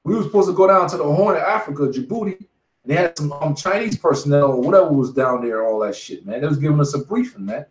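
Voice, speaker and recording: A man's voice: a little high, fast. A man around forty teaching the bible, casually preaching and telling war stories, emphatic and profane, saying "man" after almost every phrase. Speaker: street bible teacher leading the study. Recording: echoey room.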